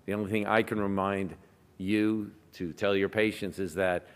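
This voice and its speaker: An American physician giving a conversational conference talk, telling anecdotes with asides, recorded in a lecture hall. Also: male voice, on the low side, level tone, normal speed. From United States. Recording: long hall reverb.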